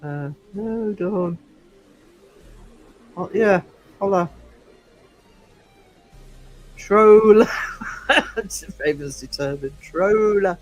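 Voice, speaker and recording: A Northeast English man hosting a laid-back livestream takes it slowly, pausing often as he responds to viewer comments. His voice sits high, sounds fairly bright and is expressive, and his style is rambling and teasing, peppered with fillers. He's from England, and the rough recording has faint music behind it.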